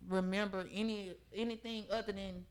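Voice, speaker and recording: An earnest young woman speaks as a podcast guest, recounting her own story in a conversational way. She often pauses to check that her listeners are following. Her voice sits at a middle pitch. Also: fairly even intonation, smooth.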